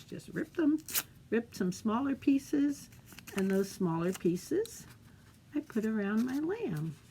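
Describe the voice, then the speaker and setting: A woman leading a children's storytime as librarian, gently explaining a craft and reading a picture book aloud. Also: on the high side, gravelly, a little hiss or hum. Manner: gentle, encouraging, talks to kids.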